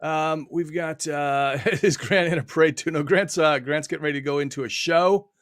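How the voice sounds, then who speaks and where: Chatty laughing host, slightly high voice. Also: male voice, fairly even intonation, normal speed, fairly bright tone, no echo, clean studio sound. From United States. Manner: chatty, laughing, loose with fillers. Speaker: host and author. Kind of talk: casual live stream chat.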